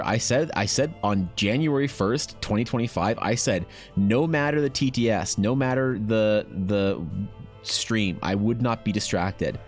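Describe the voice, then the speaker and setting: A man with a Canadian accent chatting on a live art stream, excitable and swearing, mock-exasperated at his chat. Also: on the low side. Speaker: artist streamer. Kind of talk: casual livestream chat while drawing.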